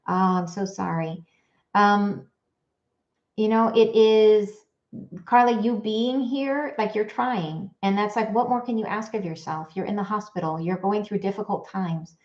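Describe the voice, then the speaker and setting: A woman giving spiritual guidance in a live question-and-answer chat, gentle and reassuring, often restarting her sentences. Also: medium pitch, normal speed. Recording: roomy and dull, lo-fi.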